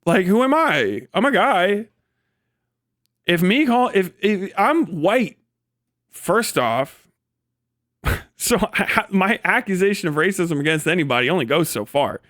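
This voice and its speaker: A man's voice: high voice, big pitch swings, unhurried, pauses often, fairly bright tone, dry recording, clean studio sound. Profane mocking man ranting on stream. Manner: profane, mocking, laughs often, jumps into silly mimicking voices. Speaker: livestream host. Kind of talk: casual ranting monologue.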